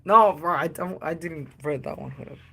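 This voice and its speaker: A man's voice: fairly high pitch, fairly quick, gravelly, sharp tone. Guy on a live stream, loose jokey chat, lots of swearing, faint noise behind. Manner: loose and joking, curses a lot, chats with viewers. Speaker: livestreamer. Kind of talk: casual livestream chat.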